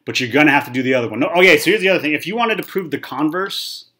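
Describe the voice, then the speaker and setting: Rapid-fire and sharp-toned, this fairly high, expressive male voice belongs to a math teacher in his thirties. He walks through a whiteboard lesson in a chatty way, peppering it with frequent "okay"s and "right"s.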